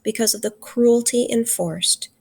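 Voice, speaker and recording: A woman teacher giving a recorded literature lesson, earnest and slowing down to stress key points. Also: on the high side, gravelly, darkish tone, slightly rough. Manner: earnest, slows down for emphasis.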